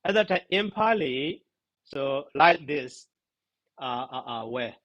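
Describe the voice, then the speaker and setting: A man teaching Pali grammar in a class discussion, halting and searching for words, with many fillers. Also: medium pitch, expressive, fairly bright tone, muffled recording.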